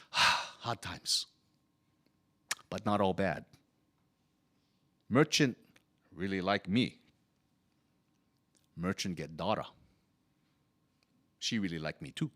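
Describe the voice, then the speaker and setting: A man's voice: low-pitched, lively intonation, slow, long pauses, sharp tone, exaggerated voice. A man storyteller playing a humble, good-humored Chinese immigrant laborer who speaks in broken English. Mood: wistful. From Hawaii. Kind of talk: first-person character storytelling.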